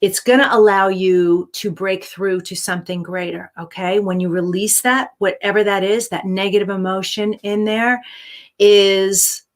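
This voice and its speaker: A woman's voice: medium pitch, fairly even intonation, unhurried. A woman hosting a live-streamed show, answering viewer questions with earnest, encouraging life-coaching advice.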